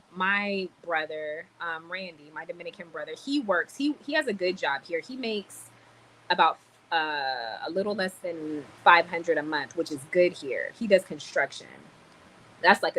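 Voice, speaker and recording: A woman's voice: lowish voice, a bit bright, a little hiss or hum, low-quality recording. A woman venting on a livestream, annoyed and swearing as she tells a story. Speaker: livestream host. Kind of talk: ranting livestream chat.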